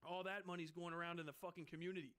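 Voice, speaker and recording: A man's voice: high voice, flat delivery, racing, fairly bright tone. A man streaming as he reads a book aloud, breaking off for rambling, profane rants and laughing asides. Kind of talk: casual profane commentary on a book.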